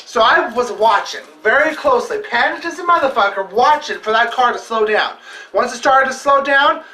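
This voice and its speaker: Man, vlogger, casual storytelling, profane and emphatic, sharp bright tone, distant mic in an echoey room. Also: very high-pitched, lively intonation, moderate pace. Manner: heavily profane, emphatic, rambling.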